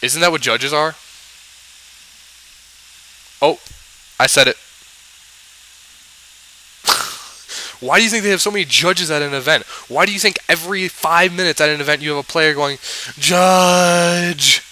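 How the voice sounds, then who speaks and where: A man's voice: fairly high pitch, normal speed, pauses often, sharp tone, rough recording. A man in a casual, exasperated rant about a card game, sarcastic and rambling, full of fillers and restarts. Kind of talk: ranting commentary.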